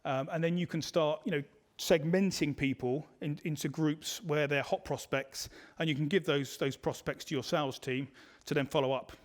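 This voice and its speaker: A man's voice: on the high side, fairly even intonation, moderate pace. A man presenting a digital marketing webinar in a conversational way, full of fillers and restarts. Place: online webinar.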